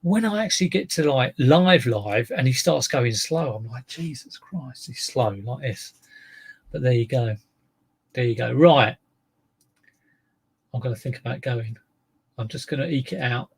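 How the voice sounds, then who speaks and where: A man's voice: mid-range voice, expressive, normal speed, creaky, long pauses, husky. A man talking unhurriedly to his live-stream viewers in a rambling, chatty way.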